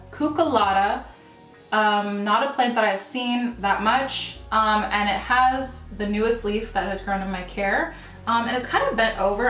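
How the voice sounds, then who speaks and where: A woman's voice: mid-range voice, a bit bright, roomy sound. A woman chatting casually and gushing about her houseplants at home, with frequent ums and little laughs. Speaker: plant vlogger. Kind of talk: casual haul video chat. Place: home room full of houseplants.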